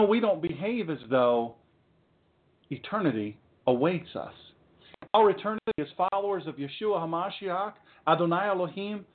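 A man preaching a sermon, fiery and emphatic, with dramatic pauses. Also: a little high. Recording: tinny phone-like sound.

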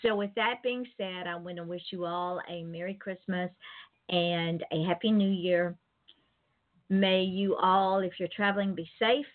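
A woman's voice: fairly low pitch, fairly even intonation, unhurried. Southern-accented woman host on a phone line. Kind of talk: casual radio talk show chat. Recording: phone-line call-in show audio.

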